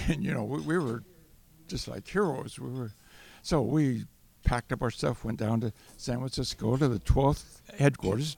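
A man's voice: medium pitch, gravelly, dark tone. An older man from California telling a wartime Navy anecdote, chuckling and restarting as he rambles. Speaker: World War Two Navy veteran guest. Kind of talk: storytelling interview.

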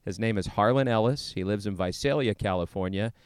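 A man hosting a veterans' program, reading scripted narration in a measured, earnest way. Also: fairly low pitch, clear, resonant tone, no room sound. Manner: measured, earnest presenter delivery. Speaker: host.

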